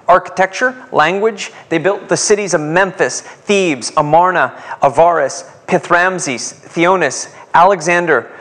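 Guy preaching a sermon, kinda high voice, lots of rhetorical questions to the crowd. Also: a bit bright. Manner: rhetorical questions, asks congregation to respond. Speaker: pastor.

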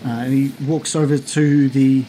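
A man runs a tabletop game as its game master, narrating in a halting way with many fillers. His pitch sits in the middle, and a faint hiss runs behind him. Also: flat delivery, warm tone, rough recording.

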